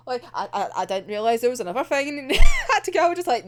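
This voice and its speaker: A woman's voice: high-pitched, huge pitch swings, normal speed, hardly any pauses. A woman casually recapping a manga volume, gushing and laughing often, swearing freely and acting out the characters' lines as she tells the story. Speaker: manga reviewer.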